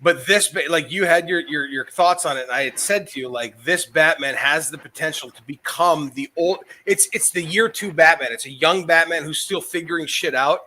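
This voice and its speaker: Bright-voiced rambling male podcast host. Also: a little high, normal speed, hardly any pauses, a little hiss or hum. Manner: rambling, profane, laughing at himself. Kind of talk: casual chat.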